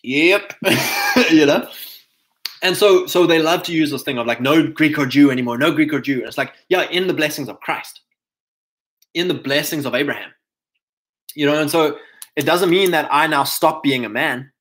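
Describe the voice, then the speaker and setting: Brief: South African man, slightly high pitch, animated casual monologue, mocking tone. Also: normal speed, pauses often, low-quality recording. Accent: South African English. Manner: animated, mocking asides in put-on voices, frequent laughs and fillers.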